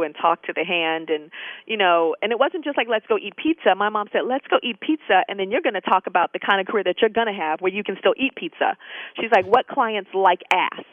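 A woman's voice: mid-range voice, a little fast, no room sound. Woman telling stories over a tinny phone line. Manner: lively, acts out quoted dialogue. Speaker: interview guest. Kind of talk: casual storytelling interview.

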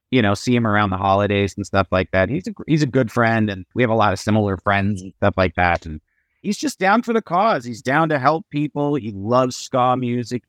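A middle-aged man in casual podcast chat, a lively storyteller who acts out the voices of people he quotes. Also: medium pitch, no room sound, studio quality. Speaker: guest musician.

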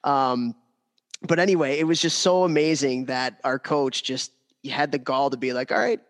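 A man co-hosting a casual podcast chat, a lively storyteller who laughs while he talks. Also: mid-range voice, moderate pace. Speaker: podcast co-host.

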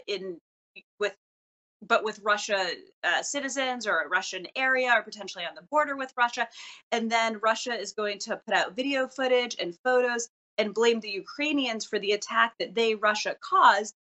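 A woman reporter explaining her reporting in an interview, articulate and brisk, sometimes correcting herself mid-sentence. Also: medium pitch, sharp tone. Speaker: news reporter. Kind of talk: news interview answers.

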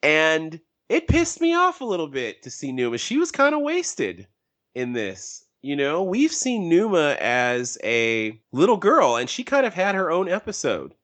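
A man co-hosting a casual podcast discussion, who rambles with animated emphasis. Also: on the high side, unhurried. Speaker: podcast co-host.

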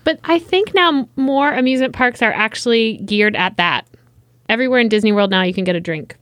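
A woman's voice: a little high, fairly quick, fairly bright tone, dry recording, studio quality. A woman co-hosting a casual podcast chat, talking loosely with many fillers. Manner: chatty, filler-heavy talk. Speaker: podcast co-host.

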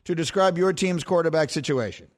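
A man's voice: on the high side, a little fast. A man hosting a sports call-in radio show, bantering playfully and teasing in a game-show manner.

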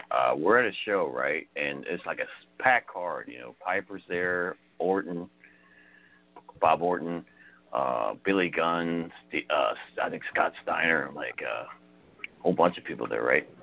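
A man tells a story in a casual, animated way and chuckles between lines. His voice is gravelly and swings up and down. The sound is thin, like a phone line. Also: a bass voice, unhurried. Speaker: guest storyteller.

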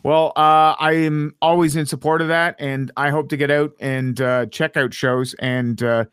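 A man's voice: on the high side, steady tone, unhurried, fairly bright tone, clean tone, no echo, clean studio sound. A man in his thirties hosting a casual podcast chat, rambling with lots of fillers. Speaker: podcast host.

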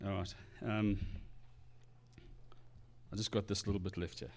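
A man preaching a sermon as pastor, passionate and animated, acting out quoted excuses from churchgoers. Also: lowish voice, measured pace.

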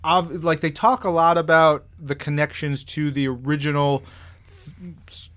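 A man's voice: fairly high pitch, level tone, unhurried, fairly bright tone. A man hosting a podcast, chatting casually and enthusiastically about comics, rambling with lots of fillers. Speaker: podcast host.

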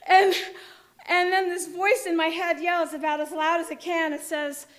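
High-voiced woman telling a dramatic story. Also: flat delivery, moderate pace. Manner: vivid, dramatic retelling, shifting between hushed and shouting. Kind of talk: personal storytelling.

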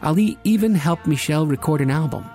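A man's voice: a little high, lively intonation, fairly quick, warm tone, faint music behind. A man hosting a public radio program, asking short curious questions and narrating between interview clips. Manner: curious, brief prompting questions.

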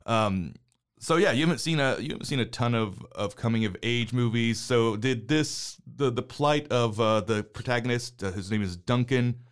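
A man's voice: mid-range voice, normal speed, clear, resonant tone. A man in his forties co-hosting a casual movie podcast, teasing with dry sarcasm. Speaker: podcast co-host.

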